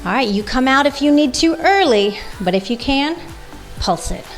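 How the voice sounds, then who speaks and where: A woman's voice: high voice, lively intonation, moderate pace, soft background music. A woman leading a guided workout class as fitness instructor, coaching moves and counting reps aloud.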